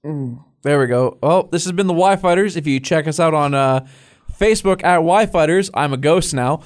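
Laid-back young man, a bit high. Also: moderate pace. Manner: laid-back, rambling, laughs often. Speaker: podcast co-host. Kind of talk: casual chat.

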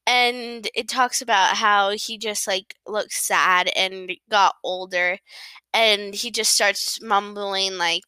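A woman hosting a podcast, recapping a novel in a casual, rambling way. She is giggly, self-deprecating and quick to apologize. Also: mid-range voice, steady tone, sharp tone, smooth, no echo.

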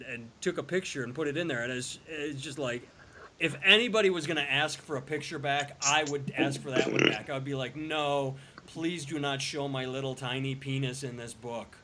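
A man's voice: mid-range voice, a little fast, background noise. A man hosting a podcast, telling crude jokes and sarcastic stories in casual banter. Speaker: podcast host.

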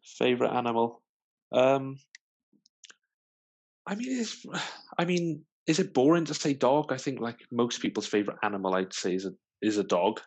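A man's voice: mid-range voice, animated, normal speed, a little mellow. A man co-hosting a podcast in casual chat, easygoing and full of fillers. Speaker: podcast co-host.

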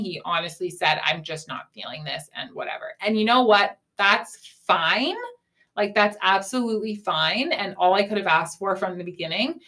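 A woman's voice: mid-range voice, a bit bright. Young woman telling a story, lots of "like". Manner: candid storytelling, frequent "like", swears freely. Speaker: podcast host. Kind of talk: casual chat.

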